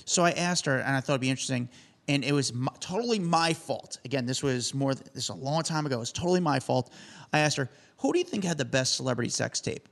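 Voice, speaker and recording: A man with a mid-range, gravelly voice co-hosts a celebrity podcast. He tells anecdotes with animation and acts out the quoted lines as he goes. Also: mid-range voice, quick pace. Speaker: podcast co-host. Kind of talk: casual storytelling chat.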